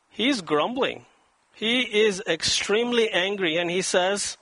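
A man preaching a sermon in a high, bright voice, and he throws himself into the quoted lines with dramatic emphasis. The sound is dry and close, with no room echo. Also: animated, measured pace. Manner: dramatic, acts out quoted voices with rising pitch. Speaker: pastor.

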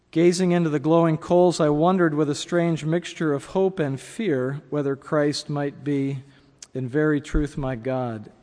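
A man reading a memoir passage aloud in a measured, reflective way, dropping his voice for quiet spoken asides. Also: medium pitch. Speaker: speaker reading from a memoir and commenting. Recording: long hall reverb.

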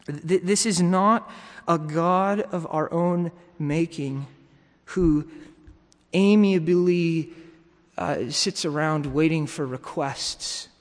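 A man's voice: on the high side, slow, big-room sound. A man preaching a sermon in a teaching manner, often restarting and repeating words.

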